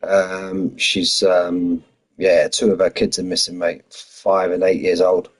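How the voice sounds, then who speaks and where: A low, monotone London voice, slightly rough and slow, belongs to a man streaming a racing game from his home in Spain. He's chatty with viewers, dropping "mate" all the time, reading lap times, and replying to chat over a rough recording.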